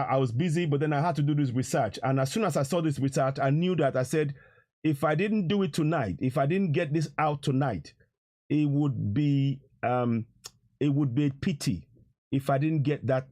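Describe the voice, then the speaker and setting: A man's voice: mid-range voice, dark tone. A Nigerian man hosting a live stream, talking earnestly and emotionally in a rambling way, with many restarts. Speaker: live stream host taking calls. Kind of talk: casual live-stream talk.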